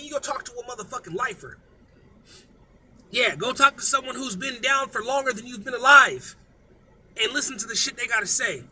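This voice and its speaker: A man's voice: extremely high pitch, bright, forceful tone, a little hiss or hum. A man giving a profane, emphatic and preachy unscripted rant as a vlogger.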